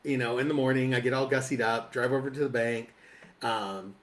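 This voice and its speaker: A man telling a funny story on a casual talk show, animated and laughing often as he mimics the people involved. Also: mid-range voice, fairly quick. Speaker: co-host. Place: studio.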